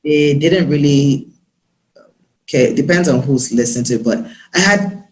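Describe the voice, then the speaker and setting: A young man from Nigeria, a guest talking in a casual interview, quick and emphatic. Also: a little high. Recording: roomy echo.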